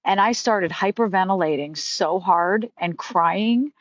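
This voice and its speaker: A woman's voice: mid-range voice, unhurried, dry recording. Candid, rambling woman on a lo-fi stream. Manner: rambling, candid, profane, with many restarts. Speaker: live stream host. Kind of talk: casual live-stream chat.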